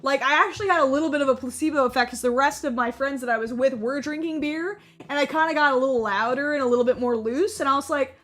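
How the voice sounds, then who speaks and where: A woman's voice: high-pitched, fast talker, few pauses, a bit bright. A young woman gaming YouTuber giving casual, rambling commentary that is full of fillers.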